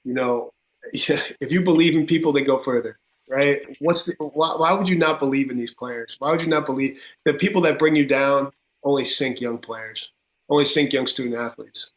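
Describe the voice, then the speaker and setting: A man with a tri-state accent talks in an emphatic, energetic run with many fillers, answering questions as a football coach. His middle-pitched voice rings in a roomy, echoing space. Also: normal speed. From Connecticut. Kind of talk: podcast interview. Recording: roomy echo.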